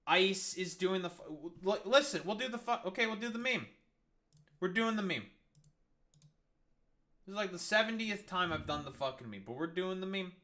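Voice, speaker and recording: A man's voice: high voice, pushed and bright. A man giving heated, profane and sarcastic reaction commentary on news clips. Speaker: political commentary streamer.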